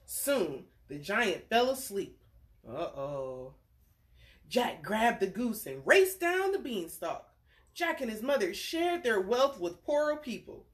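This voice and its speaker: Lively woman reading a bedtime story. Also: mid-range voice, takes it slowly. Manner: animated, chatty asides to young listeners; playful character voices for the story's figures.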